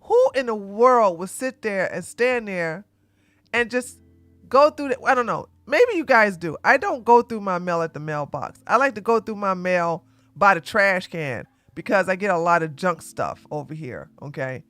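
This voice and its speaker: A woman hosting her own channel, telling a casual story to her audience in an animated way and laughing often as she talks to the ladies. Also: mid-range voice, moderate pace, no room sound. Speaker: commentary channel host.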